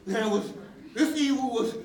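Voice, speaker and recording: High-voiced man telling his story in an echoey hall. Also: unhurried. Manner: conversational, street slang, laughs often. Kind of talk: live personal storytelling talk. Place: university lecture room with audience. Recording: echoey room, mic at a distance, faint noise.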